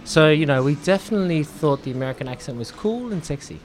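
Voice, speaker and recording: Man, Australian accent, podcast guest, casual chat, laughs often, slightly high voice. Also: fast, a little hiss or hum. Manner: relaxed, laughs often, says "you know" a lot.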